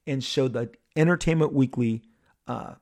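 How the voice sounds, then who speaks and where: A man hosting a podcast, telling a story in an animated monologue and acting out the people in it. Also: medium pitch, moderate pace. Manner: excitable, acts out the crowd and others in bursts.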